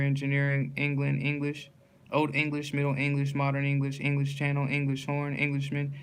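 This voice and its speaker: A man reads dictionary headwords aloud in an almost completely flat, unvarying tone. His voice is smooth and clear with a gravelly edge of fry. He stumbles on tricky words and restarts them without breaking rhythm. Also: mid-range voice. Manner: monotone word-by-word reading with stumbles and restarts. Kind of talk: reading dictionary entries aloud in a steady list.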